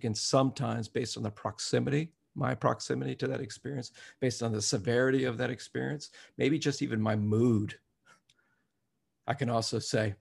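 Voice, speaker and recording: A man's voice: medium pitch, vocal fry, slightly rough. A man preaching a sermon, reflective at first and growing emphatic as he reads scripture aloud.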